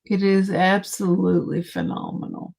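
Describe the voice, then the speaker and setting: A woman's voice: mid-range voice, little pitch movement, moderate pace, creaky, a little mellow. A woman hosting a live online vintage sale, praising items enthusiastically and announcing upcoming shows.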